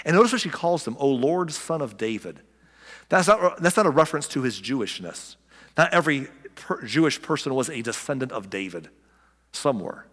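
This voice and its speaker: A man preaching a sermon, his voice sitting a little high for a man. He talks in a plain, conversational way, asks rhetorical questions and turns straight to the listeners. The sound trails off in a long reverb, as in a large hall. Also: fairly bright tone. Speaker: pastor.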